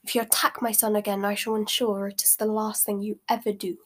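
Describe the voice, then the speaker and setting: A woman voicing a cold, haughty aristocratic mother who speaks in quiet menace. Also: medium pitch, little pitch movement, a little fast, lightly acted.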